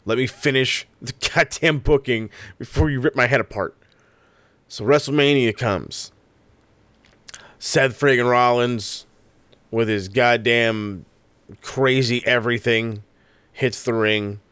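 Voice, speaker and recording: A man talks wrestling bookings in a loose, profane ramble. His voice is clean and smooth, at a middle pitch. It sits close and dry on the mic with no room around it. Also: fairly even intonation, slow pace, pauses often, fairly bright tone, dry recording. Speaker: wrestling commentator. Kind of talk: casual solo commentary.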